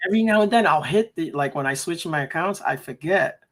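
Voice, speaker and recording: A man's voice: on the high side, lively intonation, fairly quick, a bit bright. A man hosting a casual chat, loose and laid-back, swearing casually. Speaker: podcast host.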